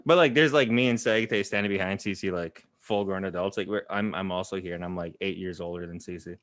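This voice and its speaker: A man hosting a casual chat, who rants with frequent swearing and sometimes talks in a flat monotone. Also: sits low, brisk. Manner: flat, monotone delivery at times. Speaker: podcast host.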